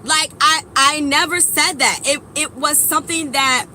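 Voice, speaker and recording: Woman, spiritual vlogger, high bright voice, profane and preachy, faint vehicle noise behind. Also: fairly even intonation, measured pace, rough recording. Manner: profane, emphatic, preachy, swings between loud and low. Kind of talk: blunt motivational monologue to viewers.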